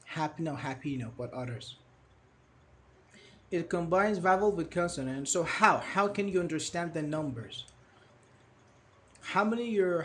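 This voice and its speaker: A young man with a fairly high voice teaches English grammar in a live online class, with a little hiss or hum in the audio. He is patient, asks questions and repeats words slowly.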